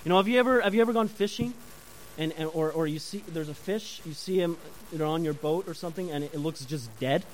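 Male preacher, high and animated, conversational sermon with questions to the congregation, faint hiss. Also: fast talker, poor audio. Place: church before a congregation.

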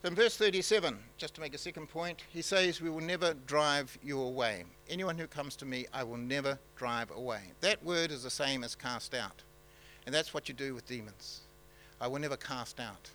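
NZ male pastor, bright forward tone, halting off-the-cuff sermon delivery, faint hum behind. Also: mid-range voice, low-quality recording. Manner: halting, many fillers and restarts, conversational.

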